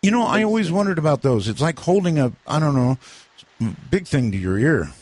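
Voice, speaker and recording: A man's voice: on the high side, very animated, brisk, a little mellow. A man hosting a late-night call-in radio show, with easygoing, chatty banter on a close studio mic. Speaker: radio talk show host.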